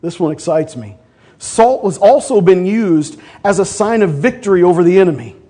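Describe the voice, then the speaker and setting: A man preaching a sermon as pastor, emphatic, swinging from loud declarations to hushed asides and calling on the congregation to respond. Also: high voice, expressive, normal speed.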